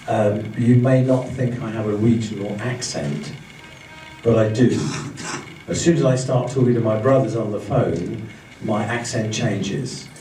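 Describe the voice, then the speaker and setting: A man's voice: mid-range voice, warm tone. Man, communication trainer, live seminar, demonstrative, mimics speeds, distant mic, echoey room. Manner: demonstrative, acts out speeds and gestures as he explains. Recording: roomy, distant, faint background hum.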